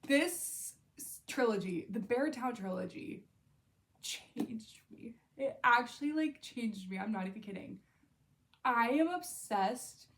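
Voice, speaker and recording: Her fairly high, animated voice moves at a measured pace as the young woman vlogs a casual review of books she adores. Gushing and emotional, she fills her talk with "like" and leaves sentences half-finished.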